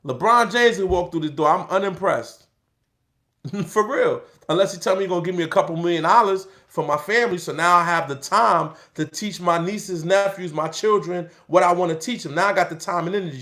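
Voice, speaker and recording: Man, high voice, gravelly fry, street slang, animated storytelling, middle-aged. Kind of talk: casual storytelling talk.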